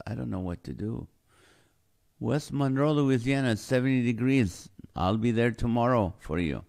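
A man's voice: mid-range voice, normal speed, gravelly. Joking man hosting a live chat. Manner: lively, joking, reads viewer comments aloud. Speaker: livestream host. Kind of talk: casual live chat greeting viewers. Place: home in California.

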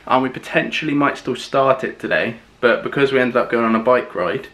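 A man's voice: medium pitch, brisk, fairly bright tone. A young man chatting casually to camera for a vlog, rambling with plenty of fillers and restarts. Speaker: vlogger.

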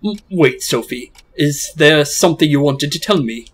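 A man with a husky, slightly breathy voice, pitched a little higher than usual for a man. He reads a father's dialogue from a story game in a soft, hesitant manner. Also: expressive, normal speed. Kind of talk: reading game dialogue aloud.

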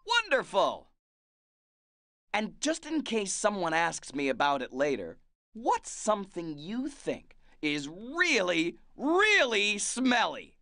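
A woman's voice: medium pitch, sing-song, takes it slowly, a bit bright, no room sound, clean studio sound, full character voice. A woman voicing a patient cartoon bus driver in a children's game, coaxing the player with questions and praise. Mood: encouraging. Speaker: game guide prompting the player.

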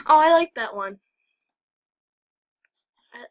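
A woman's voice: high-pitched, very slow, long pauses, noisy background. Giggly young girl rambling over images. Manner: giggly, rambling, excitable outbursts. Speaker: channel host. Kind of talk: casual commentary while browsing images.

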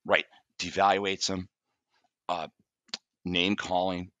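Taking it slowly in a low voice, a middle-aged man appears as a therapist guest on a podcast; the recording is dry with the highs cut off. He animatedly recounts stories from his practice, acting out his clients' dialogue in a conversational interview.

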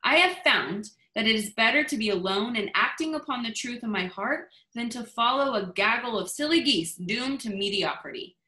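A self-assured explorer, read by a woman over an echoey video call, declaiming his convictions with preachy certainty. The voice is bright and forceful. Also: very high voice, lively intonation, normal speed, hardly any pauses, heavily acted. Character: bold self-assured male explorer, Columbus.

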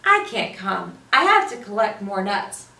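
A woman's voice: medium pitch, very animated, measured pace, creaky, sharp tone, pitched below the performer's own voice, heavily acted. A woman voicing a busy little squirrel in a storybook, friendly and apologetic. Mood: polite. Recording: roomy, voice from a distance.

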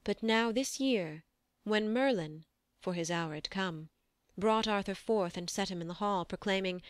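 A woman narrating an audiobook of classic verse, reading in a measured, steady manner into a close studio microphone. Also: mid-range voice, smooth, no echo. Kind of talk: scripted poetry narration.

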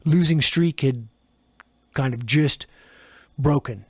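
A record producer and engineer, appearing as a guest, tells casual interview stories about his studio days, rambling and animated, acting out quoted dialogue. His middle-pitched voice is slightly rough and slow-paced, and the recording is close and dry with no room around it.

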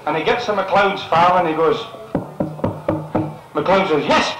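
A man's voice: a little high, steady tone, normal speed, music in the background. A man from the northeast coast, a concert compere telling cheeky jokes and laughing at his own lines. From northeast coast of Scotland. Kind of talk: stand-up joke telling at a live concert. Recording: echoey hall with loud crowd. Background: audience laughter.

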